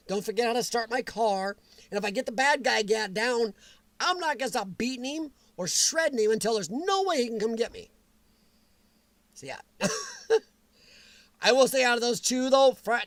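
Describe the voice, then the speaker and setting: High-voiced man hosting a live chat. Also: moderate pace, pauses often, no room sound. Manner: chatty and animated, with frequent chuckles. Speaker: livestream host. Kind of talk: casual livestream chat, answering viewers' comments.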